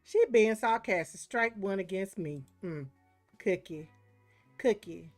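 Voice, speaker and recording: Woman streamer, chatty, laughs a lot, slow easy delivery, soft music underneath. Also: mid-range voice. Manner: chatty, laughs often, talks to viewers. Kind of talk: casual game commentary. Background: faint music.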